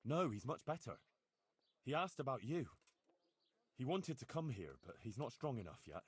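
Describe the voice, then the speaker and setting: A dutiful young medieval hero, speaking plainly and earnestly with a husky, slightly rough voice. His pitch moves a lot as he argues his case in a video game. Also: very animated, moderate pace. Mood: persuasive.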